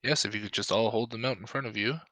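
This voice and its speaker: Wry, haughty old ghost footman for a tabletop game, bright low voice, as the dungeon master puts him on. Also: steady tone, fast talker, no room sound. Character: stately older male ghostly footman, dry wit.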